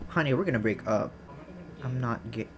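Giggly low-voiced woman reacting. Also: moderate pace, very noisy. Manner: animated, giggly, dramatic outbursts. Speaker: movie reaction commentator. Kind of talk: late-night movie reaction commentary. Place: at home at night. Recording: film music playing under the voice. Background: movie soundtrack music.

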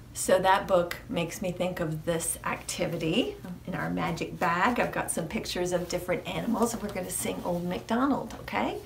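A woman leading a children's library storytime, reading a picture book aloud in an animated, sing-song voice. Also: fairly low pitch, vocal fry, a little hiss or hum.

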